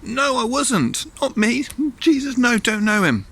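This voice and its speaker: A man voicing a panicked grown man who shouts frantic denials. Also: very high voice, big pitch swings, a little slow, voice pushed up, exaggerated voice. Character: panicked grown man loudly denying a friend.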